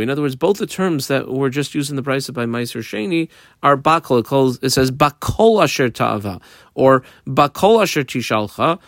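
An animated man teaching a Talmud lesson, his pitch leaping high and low as he explains and questions. The sound is dry and close, with no room echo around his voice. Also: vocal fry. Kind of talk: daf yomi lesson.

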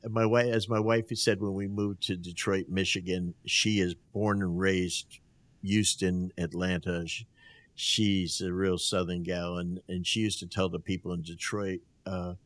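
A man's voice: deep voice, unhurried, no room sound. An older man in his sixties from New Jersey, a basketball coach telling stories as a guest in a casual interview, acting out quotes and laughing often. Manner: animated storyteller who acts out quotes, laughs often.

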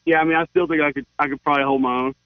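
A man being interviewed as a sports radio guest, friendly and brisk. He speaks very fast, his voice somewhat high. The sound is dry and dull, like a lo-fi remote line. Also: steady tone, no echo. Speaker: phone-in guest analyst.

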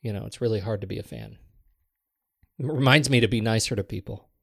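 A man co-hosting a podcast, talking about a film with enthusiasm and quick bursts of laughter. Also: fairly low pitch, creaky, a bit bright, dry recording, studio quality. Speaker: podcast co-host. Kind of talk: casual film discussion.

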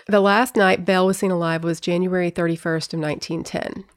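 A woman's voice: fairly low pitch, fairly even intonation, brisk. Casual woman host telling a true-crime story, chatty, playful quoting. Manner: chatty, laughs often, acts out quotes. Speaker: podcast host.

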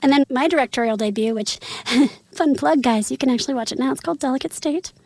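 A woman from Missouri in her thirties, a voice actress chatting in an interview, animated and quick with asides and laughter. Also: high-pitched, no room sound. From Missouri, USA. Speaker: voice actress guest. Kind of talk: casual interview chat.

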